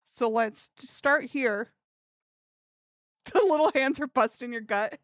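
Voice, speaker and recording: A woman's voice: high voice, takes it slowly, dry recording, clean studio sound. A young woman streaming live, chatting casually to her viewers and giggling as she works things out. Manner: giggly, chatty, talks to herself while working. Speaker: livestream streamer.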